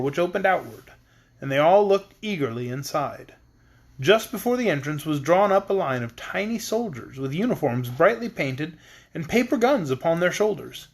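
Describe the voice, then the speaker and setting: A man narrating a children's storybook with a lively, expressive reading. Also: a little high. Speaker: audiobook reader.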